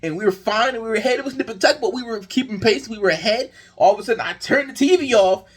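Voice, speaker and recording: A man's voice: high-pitched, fast talker, breathy edge. A young man rambling through a basketball game recap in a casual vlog, telling the story with exasperation. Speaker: sports vlogger.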